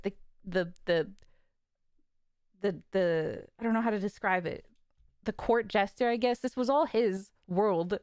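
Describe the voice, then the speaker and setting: A young woman streamer ranting casually, frustrated and swearing with nervous laughs, her voice a little raspy from talking. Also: medium pitch, darkish tone, dry recording, clean studio sound.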